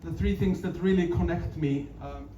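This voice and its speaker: A man with an Icelandic accent jokes with a live audience between songs, playful and self-mocking, often breaking into laughter. His voice sits high and is caught from a distance in a reverberant room. A steady layer of background noise runs under him. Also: moderate pace, dull audio. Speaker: singer-songwriter performing live. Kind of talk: joking stage banter between songs. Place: live festival stage.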